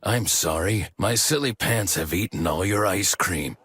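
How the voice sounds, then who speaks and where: A gruff navy captain from an anime dub, speaking slowly in a deep, husky voice. The sound is dry and close. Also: male voice, fairly bright tone, no echo, full character voice. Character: gruff male navy captain, grown man.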